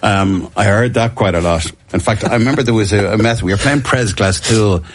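A middle-aged man tells rambling, self-deprecating stories as a guest on an interview, often breaking into laughter. His voice sits fairly low and has a husky texture. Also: a little fast. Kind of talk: casual anecdotal interview.

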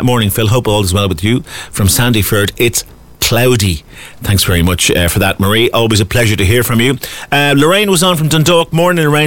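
A man's voice: mid-range voice, fairly bright tone, no room sound. A man hosting breakfast radio, chatting upbeat and reading out listener messages. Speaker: radio host. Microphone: studio microphone.

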